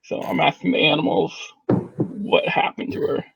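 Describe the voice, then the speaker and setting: A man's voice: a little high, level tone, moderate pace, creaky, a bit bright, breathy edge, dry recording, low-quality recording. A laid-back man playing in a tabletop game over voice chat. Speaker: player.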